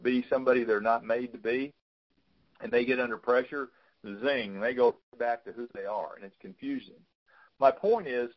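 A man's voice: mid-range voice, dull audio. A man coaching a client on a call, giving frank, fatherly advice and often repeating words as he talks. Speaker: business consultant.

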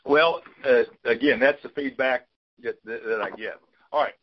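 A man's voice: medium pitch, moderate pace. Man, consultant, coaching call, fatherly advice, repeats words, dull lo-fi sound. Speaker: business consultant.

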